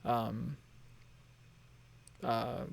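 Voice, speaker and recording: A man's voice: medium pitch, completely flat delivery, drawn-out words, vocal fry. A man co-hosting a casual gaming chat stream, rambling with lots of fillers and restarts. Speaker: podcast host.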